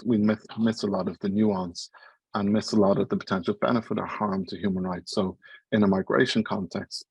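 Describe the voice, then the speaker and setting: An Irish man speaking in an earnest, explanatory way at a panel talk, moving along quickly. His voice sits very low with a gravelly, husky edge. The sound is dry and close. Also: dry recording, poor audio. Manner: fast-paced, earnest, explanatory. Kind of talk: academic talk.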